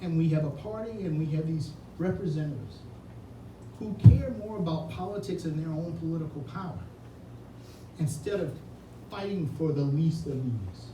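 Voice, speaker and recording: Earnest male candidate, tearful campaign speech, slightly high voice, heard from far off with ambient noise. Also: normal speed. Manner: earnest, heartfelt, repeats words when moved. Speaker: political candidate. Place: indoor reception room. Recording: echoey room, distant mic, ambient noise.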